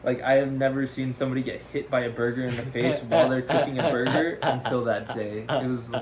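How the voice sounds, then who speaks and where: A man's voice: medium pitch, brisk, over a noisy crowd. A young man co-hosting a podcast, telling a story casually and animatedly, laughing often. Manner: animated, laughs often, says "freaking" a lot. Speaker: podcast co-host.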